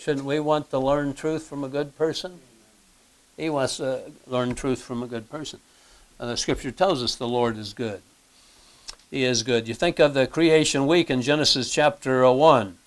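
A man preaching a sermon in a plain conversational way, often clearing his throat and putting questions to his listeners. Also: medium pitch, steady tone, moderate pace. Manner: asks the listeners rhetorical questions. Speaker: pastor.

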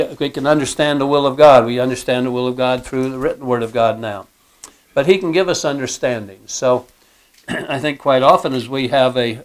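Male Bible teacher, halting delivery, frequent throat clearing, emphatic scripture reading. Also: mid-range voice, fairly bright tone, rough recording. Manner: reads scripture aloud with emphasis.

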